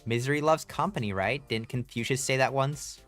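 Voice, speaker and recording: A man's voice: medium pitch, a little fast, a bit bright, faint music behind, natural voice. A man putting on the voice of a cheeky, unhinged schoolgirl prankster, reading game dialogue aloud with teasing, slangy banter.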